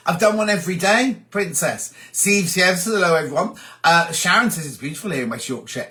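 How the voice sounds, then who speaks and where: A man's voice: a little high, bright, forceful tone. A man from England hosting a casual live chat, reading viewer comments aloud and answering them.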